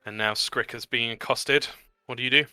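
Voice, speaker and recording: A man running a tabletop game as game master, narrating with lively energy and explaining rules. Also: mid-range voice, normal speed, smooth, no room sound, soft background music.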